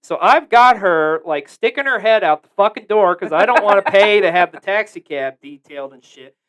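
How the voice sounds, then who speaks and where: Smooth-voiced man telling crude stories. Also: sits high, animated, normal speed, fairly bright tone. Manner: crude, profane, joking. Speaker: podcast host. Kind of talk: casual storytelling.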